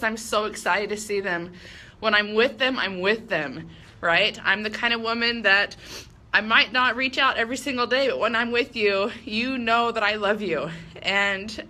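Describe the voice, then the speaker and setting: Woman, 30s, bright voice, earnest and self-deprecating personal speech. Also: medium pitch. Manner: earnest, candid, self-deprecating with light laughs. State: emotional at moments. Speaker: speaker giving a personal talk.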